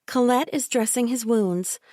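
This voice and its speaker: A woman's voice: fairly high pitch, a little slow, darkish tone, no echo, studio quality, pitched above the performer's own voice, close to an everyday voice. A woman reading an audiobook, voicing a controlling woman who talks in a syrupy, condescending, soothing voice. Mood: sickly sweet. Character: cloying controlling woman, sickly sweet.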